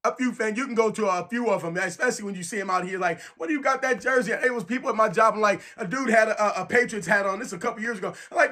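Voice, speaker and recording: Bay dude, high voice, emphatic casual rant, keeps repeating himself. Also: male voice, rapid-fire, hardly any pauses. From San Francisco. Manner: animated, emphatic, repeats phrases. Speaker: sports fan vlogger. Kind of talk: casual fan rant to camera.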